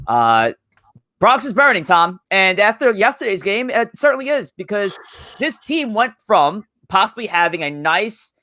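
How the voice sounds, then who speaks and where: A man's voice: sits high, sing-song, normal speed, pushed and bright, no room sound, clean studio sound. A man hosting a casual sports podcast, chatty and self-deprecating, with loose, filler-heavy talk. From New York area. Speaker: podcast host.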